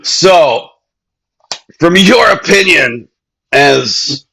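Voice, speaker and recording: A man's voice: a little high, animated, very slow, vocal fry, pushed and bright, husky, low-quality recording. A man hosting a podcast, commenting bluntly and mockingly on a clip. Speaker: podcast host. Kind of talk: casual commentary.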